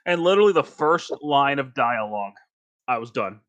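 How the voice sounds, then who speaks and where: A podcast co-host from North Carolina chats casually, rambling and emphatic, and often breaks into laughter. His medium-pitched voice is a bit bright, with lively intonation and a moderate pace.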